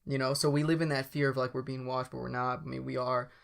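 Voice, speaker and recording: Guy co-hosting a podcast, gravelly voice, rambly and full of likes and ums. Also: medium pitch, little pitch movement, quick pace, a bit bright. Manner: rambling, many fillers and restarts. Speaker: podcast co-host. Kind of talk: casual chat.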